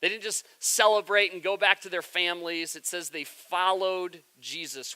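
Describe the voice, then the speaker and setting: A man preaching a sermon in a church, stumbling over repeated words as he builds up and loudly acting out crowd voices. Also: high-pitched, steady tone, normal speed, few pauses, smooth, no room sound, low-quality recording. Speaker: pastor.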